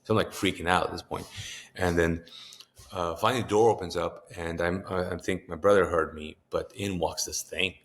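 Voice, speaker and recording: A pastor and author in his fifties, appearing as an interview guest, earnestly tells the host a personal story in a notably low yet fairly bright voice. His intonation stays fairly even at a normal speed, and he slips into the voices of the people he quotes.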